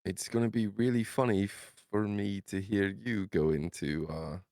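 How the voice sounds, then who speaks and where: A man playing a tabletop game, talking in a hesitant, halting way. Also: lowish voice, steady tone, darkish tone, dry recording, clean studio sound. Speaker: player. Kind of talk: tabletop role-play, casual chat.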